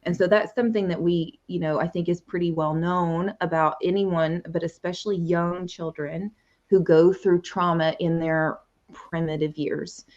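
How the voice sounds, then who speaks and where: A woman's voice: fairly low pitch, steady tone, moderate pace, darkish tone. A woman guest, a conversation coach, telling a personal story in an earnest, reflective way. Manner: earnest, reflective, often quotes past conversations. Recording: muffled lo-fi audio.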